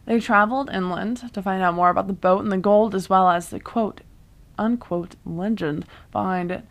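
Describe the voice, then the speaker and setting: A woman's voice: mid-range voice, moderate pace. A young woman vlogger chatting through a casual recap of a TV show, full of fillers and asides.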